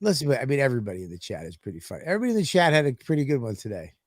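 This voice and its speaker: A man's voice: mid-range voice, very animated, racing, no echo. Man, comedy podcast co-host, crude joking, laughs a lot, dry close sound. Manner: laughs often, crude banter, interrupts. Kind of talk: casual comedy chat.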